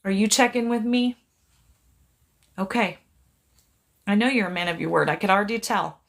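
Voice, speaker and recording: A middle-aged woman speaks softly and earnestly into her phone during a live stream, her voice gentle and pleading. She sounds reassuring and steady, at an everyday pitch, as she talks to someone we never hear. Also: normal speed, vocal fry. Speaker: psychic medium live-streaming. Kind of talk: live stream, one side of a conversation.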